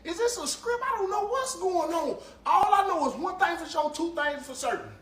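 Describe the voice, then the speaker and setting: Hyped guy going off about the news, high pitched, roomy echo. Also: normal speed, far from the mic, heavy background noise. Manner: excited, exclaiming, repeating himself. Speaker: vlogger reacting to news. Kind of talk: excited reaction rant.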